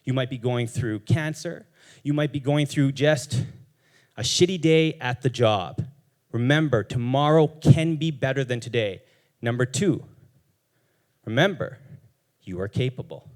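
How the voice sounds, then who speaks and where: A man's voice: mid-range voice, a little slow, pauses often. A young man giving a profane, emphatic motivational talk on stage, firing rhetorical questions at the audience. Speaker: speaker at a live storytelling event.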